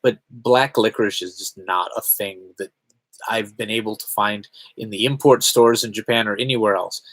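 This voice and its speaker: A man's voice: mid-range voice, a bit bright, no echo. Dry, chatty male game streamer. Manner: chatty, self-reflective, rambling. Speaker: game streamer reading chat. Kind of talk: casual live-stream chat.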